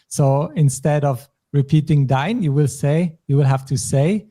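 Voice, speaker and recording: A man's voice: fairly high pitch, moderate pace, few pauses, mellow. A man from German-speaking Europe hosting a language lesson, patiently explaining phrases and vocabulary step by step. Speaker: language teacher.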